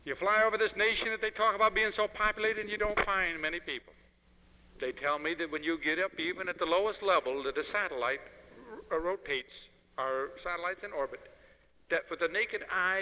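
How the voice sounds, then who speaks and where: A man with a high, piercing, very bright voice delivers a fiery lecture in an emphatic, preacherly style. The old 1971 recording carries the long reverb of a big hall. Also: brisk. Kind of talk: impassioned political lecture.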